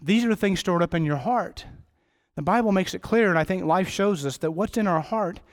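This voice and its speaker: Casting note: high-pitched middle-aged man preaching a sermon in church, jokey and rambling. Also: brisk. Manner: rambling, self-deprecating, jokey asides.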